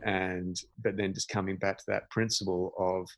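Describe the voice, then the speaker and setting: Low gravelly man telling a story. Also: moderate pace, no echo. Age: 40s. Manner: reflective, animated storyteller with frequent restarts. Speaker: podcast guest, meditation teacher. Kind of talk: candid storytelling in a podcast conversation.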